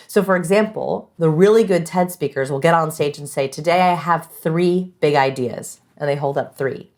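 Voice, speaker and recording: Low-voiced energetic woman guest. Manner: energetic, emphatic, acts out example phrases. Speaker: guest expert on communication. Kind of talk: animated interview answers.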